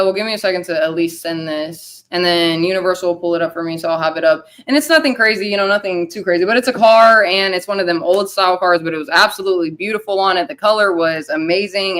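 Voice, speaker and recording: Bright-voiced woman hosting a livestream. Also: lowish voice, brisk. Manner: rambling, loose and profane, reading chat shout-outs. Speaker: livestream host. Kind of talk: casual livestream chat.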